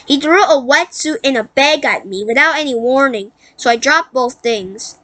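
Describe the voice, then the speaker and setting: A woman's voice: high voice, expressive, a bit bright, no room sound. A woman reading a storybook aloud, stumbling and correcting herself as she goes. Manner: halting, self-correcting read-aloud. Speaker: book reader.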